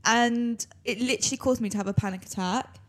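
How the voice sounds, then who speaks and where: A woman's voice: on the high side, fairly quick. Young woman cohost, chatty, laughs a lot, just chatting with her friend. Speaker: podcast co-host. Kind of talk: casual chat.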